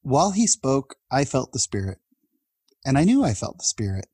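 Husky, heartfelt man telling stories. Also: medium pitch, sing-song, moderate pace, darkish tone, no room sound. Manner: heartfelt and chatty, with laughs and restarts. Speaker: podcast guest. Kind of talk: personal storytelling in an interview.

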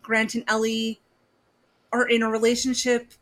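A woman's voice: on the high side, monotone, normal speed, fairly bright tone. A woman co-hosting a film podcast, chatting casually with short remarks and frequent giggles. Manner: giggly, brief interjections. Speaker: podcast co-host. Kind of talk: casual film review chat.

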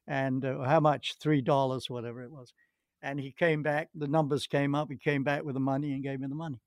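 A man spins long stories in a rambling, halting way, doubling back on his words and trailing off mid-sentence. His voice sits at an ordinary middle pitch and is captured close and dry, with no room sound around it. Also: level tone, no echo. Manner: rambling, with restarts and hesitations. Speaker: golf pro, interview guest. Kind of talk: anecdotal storytelling.

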